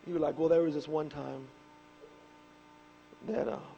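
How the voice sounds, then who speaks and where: A man in his thirties preaching a sermon as pastor, telling stories animatedly and rising to shouts on key points. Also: on the high side, steady tone, a little slow, creaky, muffled recording, slight background noise. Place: church.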